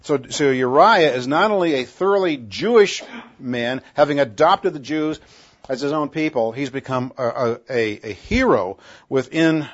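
A man's voice: medium pitch, lively intonation, moderate pace. A man teaching a Bible passage in a conversational sermon, often restarting and correcting himself. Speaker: pastor. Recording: dull lo-fi sound.

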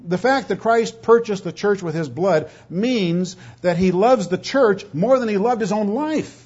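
A man preaching a sermon, emphatic, swinging from loud stretched words to low asides, often repeating words as he goes. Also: a little slow, slightly rough. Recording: dull lo-fi recording.

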